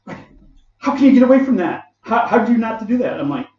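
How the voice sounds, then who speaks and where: A man tells his stories in a loose, rambling way, breaking into laughs and playing out what others said. His voice sits a little high and sounds set back from the mic. The recording is muffled and strongly echoey. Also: very animated, quick pace, slight background noise. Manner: laughs often while talking, acts out quoted people. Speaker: vlogger telling work stories. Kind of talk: rambling casual storytelling. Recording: echoey, dull, from far off the mic.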